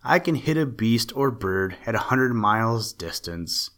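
A man's voice: medium pitch, expressive, measured pace, a bit bright. A man voicing a boastful male sharpshooter in a storybook reading.

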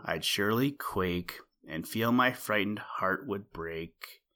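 A man reading a children's story aloud as the podcast host, gentle and unhurried, with rhyming asides. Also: fairly low pitch. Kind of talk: storybook read-aloud narration.

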